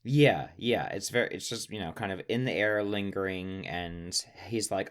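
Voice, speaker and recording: Man, lowish voice, casual podcast recap, rambling, laughs a lot. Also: normal speed, few pauses. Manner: rambling, laughs often, trails off quietly. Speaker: podcast co-host. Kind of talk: casual movie recap chat.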